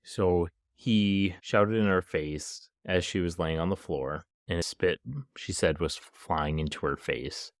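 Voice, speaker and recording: A man's voice: deep voice, takes it slowly, hardly any pauses, no room sound, clean studio sound. A man hosting a podcast, retelling a true crime story casually with frequent "like" and small laughs. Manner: casual, laughs between lines, lots of "like". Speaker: podcast host.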